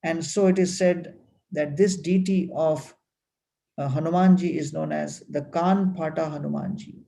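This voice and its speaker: A man giving a devotional talk, explaining temple wonders in an unhurried way with frequent fillers. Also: a little high, creaky, dark tone, rough recording. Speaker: temple speaker.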